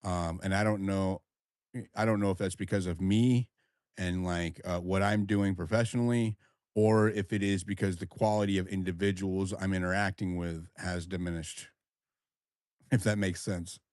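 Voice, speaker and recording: Halting low-voiced man, dry sound. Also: fairly even intonation, a little mellow, no echo. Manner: halting, many restarts and fillers. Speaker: host of an audio chat room. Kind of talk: casual chat.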